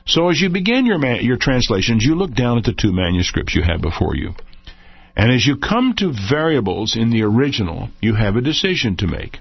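An older man giving a measured teaching talk on Bible translation, stretching key words for emphasis, in a dull lo-fi recording. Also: mid-range voice, very animated, creaky, breathy edge, dry recording.

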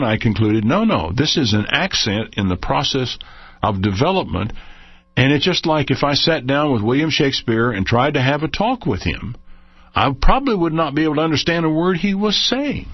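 In an unscripted Bible teaching talk, an older teacher leans on key words as he explains things at a measured pace. His mid-range voice is husky yet animated, moving up and down lively, and the recording is dry, dull and lo-fi without any room sound.

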